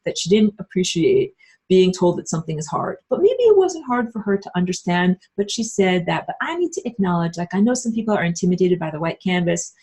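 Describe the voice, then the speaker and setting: A bubbly woman runs a live-streamed lesson, chatting with her viewers. She talks loosely, with plenty of "like" and "um", and slips into squeaky high voices when she quotes people. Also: breathy edge. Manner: many fillers like "like" and "um". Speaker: online spiritual course teacher.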